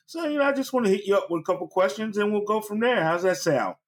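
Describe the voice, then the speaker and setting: Male podcast host, easygoing interviewer, fairly high-pitched. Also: fast. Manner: relaxed, chuckling, friendly banter. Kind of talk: casual interview.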